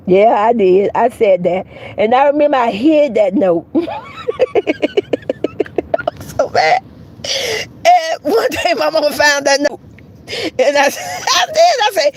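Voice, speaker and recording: A woman, chatting with livestream viewers and telling stories in a lively way, laughing often. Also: high voice, measured pace, long pauses, slight background noise, low-quality recording. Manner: animated, chatty, laughs often, addresses viewers as "you guys". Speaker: YouTuber on a livestream. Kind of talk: casual livestream storytelling to viewers.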